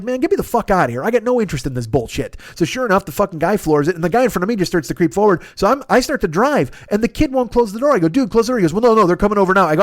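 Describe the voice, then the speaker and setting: A man's voice: high-pitched, no room sound, studio quality. A man, telling a long, profane, exasperated story as a comedian and acting out the dialogue. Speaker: comedian host. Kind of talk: solo storytelling podcast.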